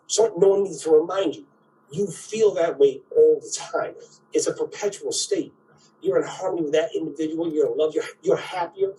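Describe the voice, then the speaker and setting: A man's voice: fairly high pitch, moderate pace, dark tone, far from the mic, slight background noise, low-quality recording. A man giving a spiritual talk, who keeps checking in with "right?" and acts out quoted voices.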